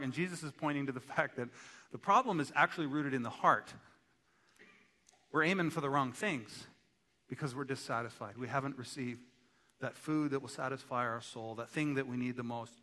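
A man preaching a sermon as pastor, animated and emphatic, acting out quotes. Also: on the high side, long reverb tail.

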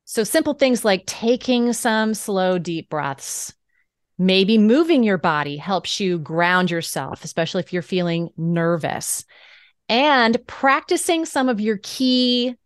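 Woman voice coach, podcast guest, mid pitch, dry close mic, upbeat teacherly delivery. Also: no room sound. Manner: animated, laughs often, coaching tone. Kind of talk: podcast interview answers.

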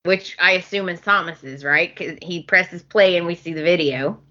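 A woman's voice: on the low side, normal speed, pushed and bright, highs cut off. A woman co-hosting a casual podcast, retelling soap opera scenes and acting out the characters' lines. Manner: storytelling, acts out characters' lines. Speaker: podcast co-host.

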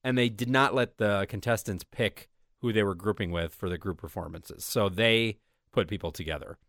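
A man co-hosting an entertainment podcast in casual chat, with a chatty, animated way of talking. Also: lowish voice, moderate pace, dry recording, clean studio sound. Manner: animated, chatty, mimics people with exaggerated voices. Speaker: podcast co-host.

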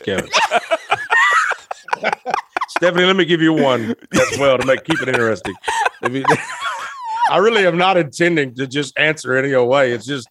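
A musician guest telling an animated, emotional anecdote, laughing often as he talks. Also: mid-range voice, no echo. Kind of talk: storytelling anecdote.

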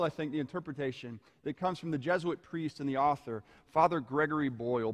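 A man preaching a sermon, telling stories in a measured way and slowing down on key phrases. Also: a little high, a bit bright. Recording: long hall reverb.

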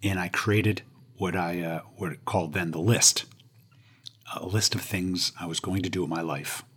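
A man's voice: low-pitched, steady tone, normal speed, fairly bright tone, husky. A man, a guest on an interview show, telling a personal story with self-deprecating humor and punchlines.

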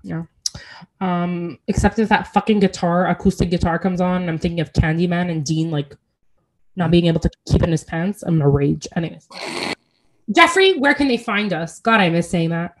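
A woman's voice: fairly low pitch, fairly even intonation, fairly quick, darkish tone. A woman co-hosting a casual podcast, opinionated and enthusiastic, with many fillers. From Canada. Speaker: podcast co-host.

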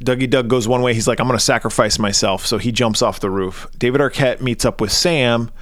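A man's voice: medium pitch, brisk, a bit bright. A man in his thirties co-hosting a podcast, recapping a movie in crude, casual banter, swearing, laughing and rambling. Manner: profane, laughing, rambling storyteller. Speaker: podcast co-host.

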